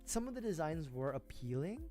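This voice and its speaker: A man's voice: a little high, very animated, brisk, warm tone. A man livestreaming as he builds a model kit. He rambles casually, mutters to himself while he works and swears often. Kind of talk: casual rambling stream chat. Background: faint background music.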